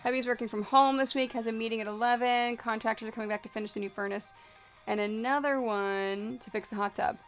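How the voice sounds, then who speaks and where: A woman's voice: a little high, steady tone, quick pace, faint music behind. A woman with a mixed American and Canadian accent, chatting casually with her stream from her home sewing studio. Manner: chatty, scattered, talks to chat and her dogs. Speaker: quilting streamer. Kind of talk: casual live-stream chat while working.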